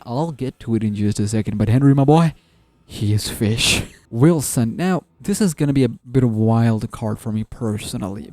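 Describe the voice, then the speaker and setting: Male gaming commentator, casual and joking, warm mellow voice, dry close sound. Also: medium pitch, dry recording. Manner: animated, joking, restarts often and stumbles over words. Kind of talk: casual tier-list commentary.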